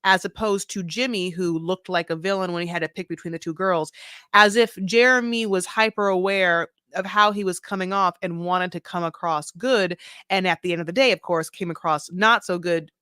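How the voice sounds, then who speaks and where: A woman's voice: fairly low pitch, normal speed, clean tone, dry recording, clean studio sound. Sassy, profane woman recapping a show. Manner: animated, profane, sassy storytelling with voiced quotes. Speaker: podcast co-host. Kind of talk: casual recap chat.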